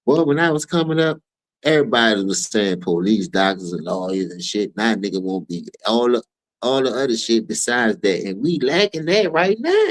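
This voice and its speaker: Man, New Orleans accent, low voice, dry sound, heated profane rant, stream host. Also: normal speed, no room sound, low-quality recording. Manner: profane, fired-up, preachy.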